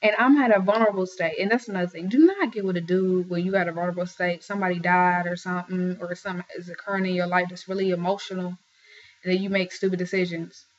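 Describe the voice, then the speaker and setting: A woman's voice: fairly low pitch, steady tone, fast, highs cut off. A young woman earnestly telling a personal story to viewers in a casual way, stopping often to warn them directly. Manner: earnest, advising viewers directly, with many fillers and restarts. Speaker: vlogger sharing a personal testimony.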